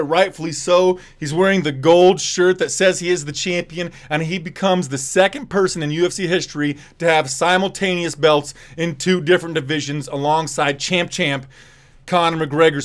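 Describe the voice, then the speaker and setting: A man giving casual play-by-play fight commentary on a live stream, quick and loose with fillers and restarts. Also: a little high, fairly even intonation.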